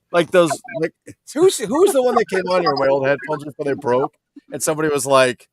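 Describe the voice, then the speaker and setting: A man's voice: fairly high pitch, a little fast. A man hosting a casual live-stream chat, swearing freely and laughing a lot as he tells stories. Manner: laughs often, swears, animated storytelling.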